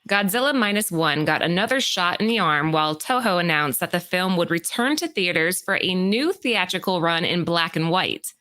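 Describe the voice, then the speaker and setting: A woman co-hosting a comic book podcast, reading prepared market rundowns in a steady, informative way and chatting casually. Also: fairly low pitch, normal speed, hardly any pauses. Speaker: podcast co-host.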